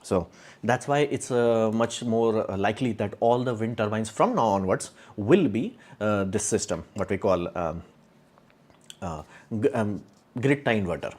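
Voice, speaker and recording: A young livestream host handles chat questions casually, opinionated and rambling, with plenty of fillers and restarts as he explains engineering simply. His lowish voice is expressive and darkish, and he speaks unhurriedly.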